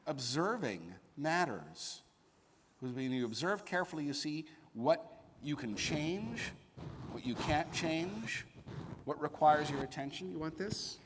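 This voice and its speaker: A man's voice: on the high side, sing-song, slight background noise. Man rabbi in an echoey sanctuary. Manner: conversational storytelling, pausing for emphasis. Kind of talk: sermon addressing a bar mitzvah boy. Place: synagogue sanctuary, indoors. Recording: echoey sanctuary with long reverb.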